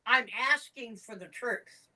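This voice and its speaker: Slow-talking bright-voiced woman, set back from the mic. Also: a little high, far from the mic, poor audio. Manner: frank, emphatic storyteller. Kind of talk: casual chat.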